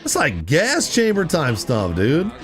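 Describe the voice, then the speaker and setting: A man's voice: a little high, a little slow, faint music behind. A man chatting casually with viewers on a gaming live stream, rambling through stories and blurting out reactions. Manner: animated, rambling storyteller who blurts out reactions.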